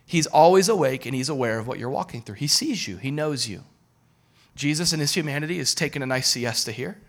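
A man preaching a sermon in a conversational way, asking the listeners questions and swinging from loud bursts to quiet lines. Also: on the high side. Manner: conversational, asks the audience direct questions. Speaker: pastor.

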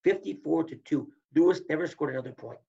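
An older man and former wrestler, telling stories in an animated way and acting out what others said. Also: on the high side, fast talker, vocal fry, breathy edge, far from the mic, highs cut off. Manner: animated storyteller, acts out quotes. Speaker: former college wrestler, guest. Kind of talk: storytelling interview chat.

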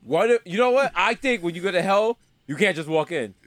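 A man's voice: high-pitched, fairly quick, dry recording. A man in casual comedic banter, acting out little scenes in voices. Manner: animated, acts out bits in voices.

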